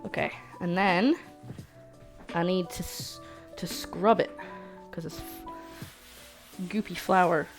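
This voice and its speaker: A woman's voice: on the low side, fairly even intonation, takes it slowly. Chatty woman cooking live. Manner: chatty and playful, talking to her chat. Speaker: cooking stream host. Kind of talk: casual livestream chat while cooking. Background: faint background music.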